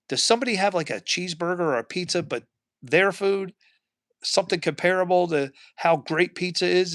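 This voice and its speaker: A man's voice: a little high, gravelly, a bit bright, dry recording, clean studio sound. A man hosting a casual live stream, chatting and reading viewer comments aloud in a rambling way. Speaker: livestream host.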